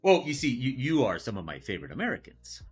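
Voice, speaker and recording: A man's voice: medium pitch, wildly swooping pitch, quick pace, slightly rough, faint music behind. A man who teaches, chatting casually and with incredulity during a live art stream, rambling and swearing now and then.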